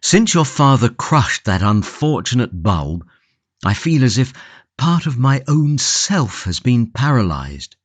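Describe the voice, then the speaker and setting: A man's voice: mid-range voice, very animated, slow pace, dry recording, voice pushed up. A man voicing a passionate, stoic imprisoned tulip grower in an audiobook, grave and impassioned. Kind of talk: audiobook character reading.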